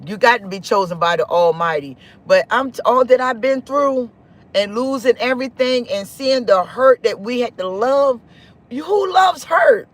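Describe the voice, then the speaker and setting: Guy in his 40s preaching on a livestream, really high voice, keeps hammering the same lines. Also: fairly bright tone. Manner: emphatic, preachy, repeats phrases. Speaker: live-stream host. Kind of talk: spiritual live-stream talk.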